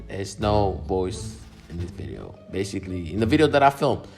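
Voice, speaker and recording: A man's voice: low-pitched, very animated, normal speed, gravelly, darkish tone, faint music behind. A young man vlogger casually commenting on his own silent video, laid-back, swearing and mocking himself.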